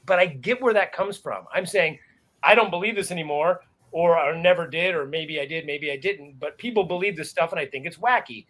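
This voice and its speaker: A man hosting a comedy panel, talking in rambling stretches and quoting people in quick bursts. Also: fairly high pitch, a bit bright. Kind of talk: casual panel discussion.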